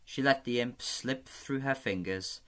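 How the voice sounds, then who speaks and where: A man reading aloud as a sly, courteous eunuch spymaster with a smooth, wry manner. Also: medium pitch, unhurried, a bit bright, pitched above the performer's own voice, close to an everyday voice.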